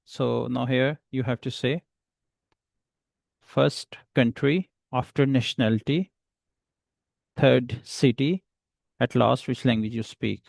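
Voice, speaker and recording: Slow, gravelly man teaching English. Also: medium pitch, steady tone, darkish tone, dry recording. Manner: slow, patient, repeats example phrases. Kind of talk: beginner English lesson.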